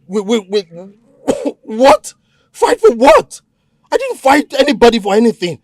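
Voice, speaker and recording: A man's voice: sits high, lively intonation, measured pace, a little mellow, husky, no echo, clean studio sound, exaggerated voice. An actor playing a frightened young male captive, stammering and begging to be let go. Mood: pleading. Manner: pleading, stammering in fear.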